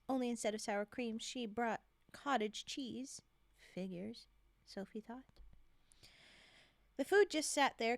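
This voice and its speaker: Giggly high-voiced woman reading aloud. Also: dry recording. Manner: giggly, chatty, breaks off to react to viewers. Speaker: streamer reading holiday stories. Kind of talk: casual read-aloud with chat asides.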